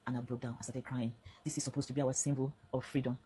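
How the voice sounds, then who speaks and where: A middle-aged Nigerian woman speaks in a Nigerian accent, very low-pitched and rushing. Her words pour out fast and pleading as she addresses her followers directly. Her tone is dark and mellow. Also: level tone, a little hiss or hum, low-quality recording. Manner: impassioned, pleading storytelling. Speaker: social media vlogger. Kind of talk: direct-to-camera personal statement.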